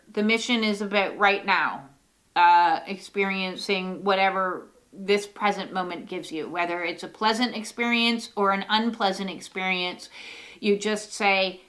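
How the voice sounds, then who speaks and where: A woman's voice: mid-range voice, measured pace, a bit bright. A woman giving a casual, rambling oracle card reading, full of fillers and the odd swear word.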